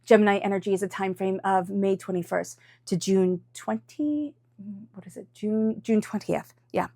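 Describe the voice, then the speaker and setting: A woman giving a weekly tarot reading in a gentle, musing way, often checking in with the listener. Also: mid-range voice, moderate pace, dry recording. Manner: gentle, musing, frequent "right?" asides. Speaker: tarot reader.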